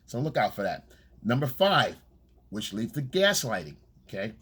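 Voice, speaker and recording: Man, dating coach, casual monologue, blunt, swears, repeats "okay?", husky tone, mid pitch. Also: sing-song, normal speed, a bit bright. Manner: blunt and profane, keeps checking in with "okay?".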